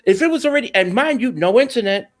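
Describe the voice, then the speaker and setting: A man's voice: very high-pitched, quick pace. A middle-aged man, a musician guest in an interview, telling stories in a casual, slangy way and slipping into Spanish now and then. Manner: animated, slangy, slips into Spanish.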